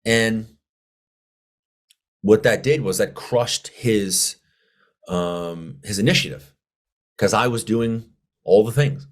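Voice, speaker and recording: Low-voiced veteran telling stories. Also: male voice, takes it slowly, pauses often. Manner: animated, profane, acts out quoted dialogue. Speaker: podcast guest, Marine veteran. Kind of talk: casual storytelling interview.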